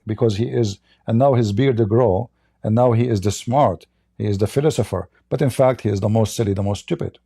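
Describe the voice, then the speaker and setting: A man's voice: lowish voice, vocal fry, dark tone, no echo. Guy w as ranting on his stream, blunt n mocking, dry close sound. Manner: blunt, mocking, repetitive restarts. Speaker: livestream host. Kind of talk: livestream monologue.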